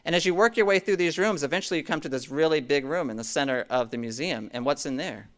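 A man's voice: on the high side, fast. Man preaching a conversational sermon. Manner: conversational, frequent "okay?" check-ins, asides to the congregation. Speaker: pastor. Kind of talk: sermon teaching from scripture.

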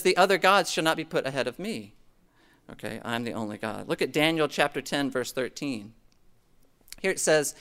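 A man's voice: a little high, a bit bright, clear, resonant tone. Man preaching a conversational sermon. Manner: conversational, frequent "okay?" check-ins, asides to the congregation. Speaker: pastor. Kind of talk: sermon teaching from scripture.

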